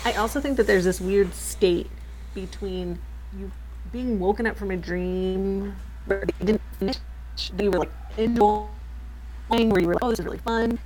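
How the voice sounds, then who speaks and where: A woman with a mellow, warm voice muses aloud in casual chat. She thinks as she talks, over faint background noise. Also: medium pitch, normal speed, rough recording.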